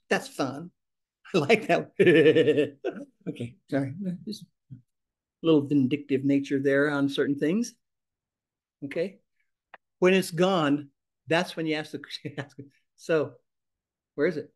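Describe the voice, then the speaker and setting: A man with a fairly high voice teaches a ministry class. He talks in an animated, expressive way and speaks the sample prayers aloud as he goes. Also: breathy edge.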